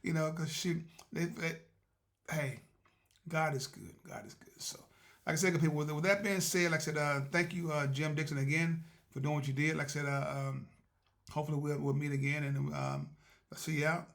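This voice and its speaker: Hosting a motivational show, a man tells a rambling, folksy story about doing right and offers spiritual encouragement in a casual monologue. His voice is a little high and fairly bright, with a steady tone and fairly quick pace.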